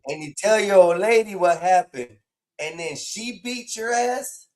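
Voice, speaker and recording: A man's voice: high voice, animated, a little slow. A man hosting an online stream call, teasing his guest and recapping the story with a laugh. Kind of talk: casual chat.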